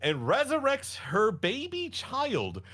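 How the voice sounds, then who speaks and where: A man's voice: very high voice, wildly swooping pitch, takes it slowly, a bit bright. A man co-hosting a podcast, laughing often and acting out characters with exaggerated voices while retelling a story. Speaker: podcast co-host. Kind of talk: casual chat, animated retelling.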